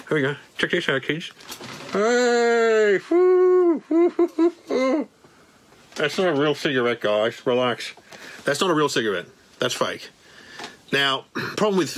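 Australian stand-up comic, middle-aged, dry and self-deprecating, bright lively delivery. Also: male voice, medium pitch. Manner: dry self-mocking, deadpan jokes. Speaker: comedian. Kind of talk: stand-up comedy to camera.

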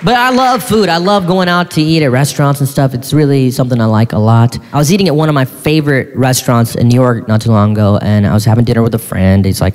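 A man performing stand-up comedy, telling a story in an animated, incredulous way with sudden shouts. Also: medium pitch, fairly quick. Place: live comedy venue on stage. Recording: live stage in a reverberant hall with faint crowd ambience.

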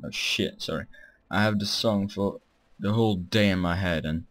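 A young man giving excitable, profane let's-play commentary as he plays a strategy game, often shouting at his units. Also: deep voice, normal speed. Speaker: gaming channel host.

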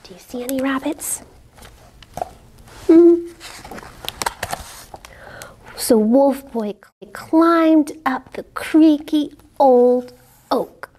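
A woman librarian reading a picture book aloud to children, expressive, dropping to whispers for suspense and asking the kids questions. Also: high voice, slow pace.

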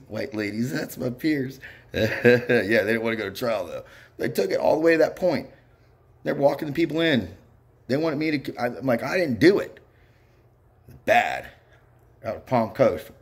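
A man's voice: medium pitch, lively intonation, moderate pace, husky. A man delivering an angry, rambling monologue, bitter and profane, with frequent muttered asides. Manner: bitter, profane, ranting with repeated yeps.

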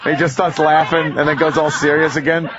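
Brief: man, slightly high voice, eager talk radio banter, muffled lo-fi sound, loud noise underneath. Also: flat delivery, brisk. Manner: enthusiastic, profane. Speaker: radio show host or regular. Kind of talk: casual studio chat about movies.

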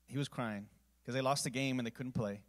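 Male pastor, average pitch, earnest sermon delivery swinging from quiet to booming. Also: steady tone, fairly quick. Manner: earnest storytelling, volume swinging from hushed to loud. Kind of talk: sermon closing with communion and prayer.

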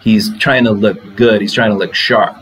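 A man's voice: fairly low pitch, steady tone, normal speed, a bit bright, slight background noise, poor audio. Man giving a conversational literature lecture. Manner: conversational, asks rhetorical questions.

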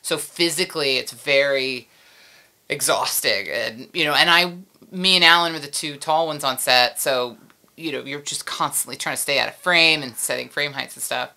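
A woman puppeteer being interviewed, talking in a casual, animated way with frequent laughs and trailing sentences. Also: low-pitched, moderate pace. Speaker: puppeteer guest.

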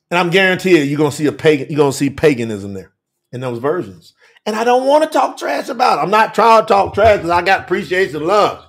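High, gravelly preacher. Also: male voice, a bit bright. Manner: emphatic, repetitive, folksy and direct, with sudden drops to a low murmur. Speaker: preacher teaching scripture. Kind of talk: fiery sermon to a live stream audience.

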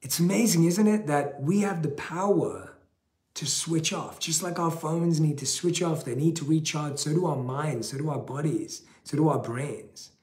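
A man hosting a live guided meditation with a gentle, encouraging delivery. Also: a little high, moderate pace, reverberant.

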